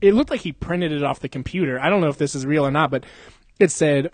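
A man's voice: a little high, fairly quick, no echo. A young man hosting a casual podcast, rambling and swearing, laughing often, sounding sleepy. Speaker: podcast host. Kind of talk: casual chat. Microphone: close podcast mic.

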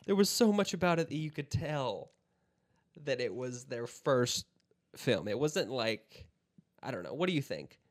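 A man's voice: mid-range voice, sing-song, a little slow. A man co-hosting a casual podcast chat. He laughs often and stumbles over his words when he restarts. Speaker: podcast co-host.

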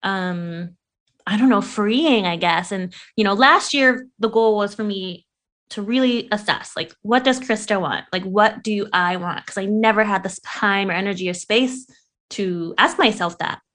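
Laughing, animated young woman. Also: mid-range voice, measured pace. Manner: animated, laughing, swearing freely. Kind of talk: casual chat.

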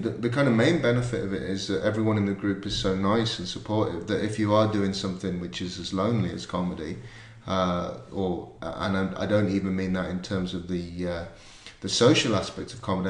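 A man's voice: sits low, steady tone, fairly quick, hardly any pauses, echoey room. A man, a comedian and writer, talking hesitantly in a workshop and reading aloud from his novel. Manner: hesitant, self-deprecating.

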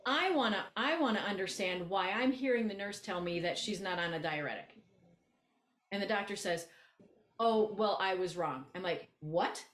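A woman co-hosting a podcast, telling a story in casual chat, blunt and animated, acting out both sides of a conversation. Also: medium pitch, moderate pace, reverberant. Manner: animated, blunt, acts out quoted exchanges. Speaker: podcast co-host, coach.

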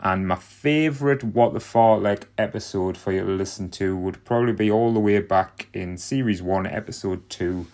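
A man's voice: fairly low pitch, moderate pace, few pauses, a little mellow. A man with a Geordie accent, recording an earnest voice message with a few hesitant fillers. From North East England. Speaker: listener sending a message.

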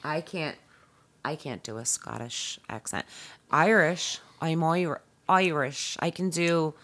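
A middle-aged woman with a notably low voice, chatting casually as a podcast co-host. She is curious and playful, teasing her partner and firing off questions. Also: lively intonation, takes it slowly, fairly bright tone. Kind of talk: casual chat.

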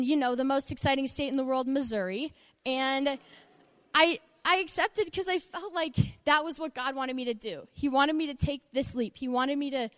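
A young woman with a high voice shares an emotional, candid testimony, her speech halting and restarting. Her voice rings with a long hall reverb, yet sits close and dry on the mic. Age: young adult. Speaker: student speaker. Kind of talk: personal testimony.

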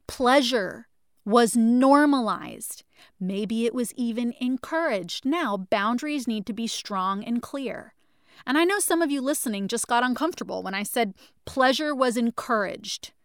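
A woman with a somewhat high voice gives an earnest spoken lesson into a microphone. She is emphatic and repeats her points, addressing listeners directly as friends. The recording is dry and close. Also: lively intonation, normal speed, clean tone, dry recording. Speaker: podcast host teaching about mental health. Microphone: studio microphone.

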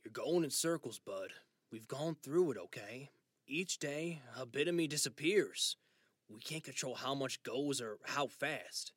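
A male narrator voicing an ailing father facing memory loss, who speaks in a steady, gently insistent way in an audiobook reading. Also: medium pitch, dry recording, studio quality.

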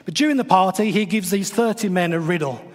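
A man's voice: high-pitched, a little fast, long reverb tail. A man, retelling a Bible story in a chatty, wry way with playful asides, as a podcast host. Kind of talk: casual devotional storytelling.

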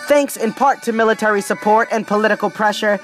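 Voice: medium pitch, fast talker, faint music behind. A podcast host, a little tipsy, reading history in a casual, playful way with slangy joking asides. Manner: hyped, playful, streetwise slang, repeats "ladies and gentlemen".

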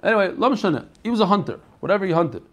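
A man's voice: high voice, expressive, racing. An American man giving a Talmud class, reading the Aramaic text in a singsong and then explaining it in casual English with chatty asides to his students. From United States. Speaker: Talmud teacher.

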